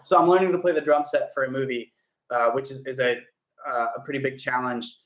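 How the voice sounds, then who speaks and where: A man's voice: mid-range voice, fairly even intonation, brisk, fairly bright tone. Upbeat chatty young man, echoey room. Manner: chatty and upbeat, greeting viewers by name. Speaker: actor hosting a livestream. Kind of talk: casual livestream chat answering viewer comments. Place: indoor home room.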